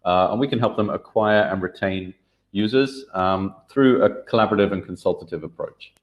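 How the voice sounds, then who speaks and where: A man presenting an online workshop over a video call, relaxed and full of filler words and restarts. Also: deep voice, brisk, dull audio. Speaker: workshop speaker.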